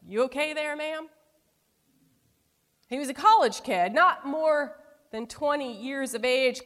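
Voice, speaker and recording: A woman preacher with a fairly high voice gives a sermon as a story. She moves from forceful, ringing phrases to quiet, slowed-down endings. Her voice carries a long reverb, like a large church space. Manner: storytelling with wide swings between emphatic and hushed delivery. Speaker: pastor.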